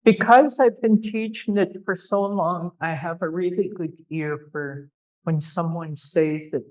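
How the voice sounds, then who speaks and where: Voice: medium pitch, measured pace, a little mellow. A language teacher leading a classroom pronunciation lesson, drilling words by repetition, patiently correcting students and teasing them good-humouredly. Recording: dull lo-fi classroom recording.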